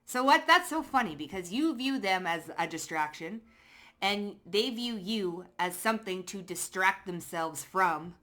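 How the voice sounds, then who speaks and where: Woman, tarot reader, casual and slangy, cursing, clear bright tone. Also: mid-range voice. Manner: chatty, slangy, swears freely, talks straight to the viewer; lively storytelling with frequent laughs. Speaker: psychic tarot card reader. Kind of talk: casual pick-a-card tarot reading.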